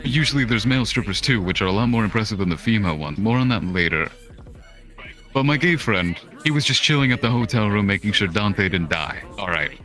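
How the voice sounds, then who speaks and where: A man's voice: on the low side, brisk, soft background music. Young man telling a profane story. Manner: animated, profane, acts out quotes. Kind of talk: casual storytelling. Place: online voice chat.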